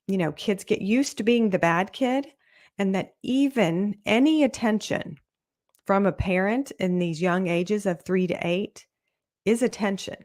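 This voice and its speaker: A woman parenting coach hosting her own podcast, explaining earnestly and briefly acting out the quoted words of children and parents. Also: medium pitch. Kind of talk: solo podcast talk.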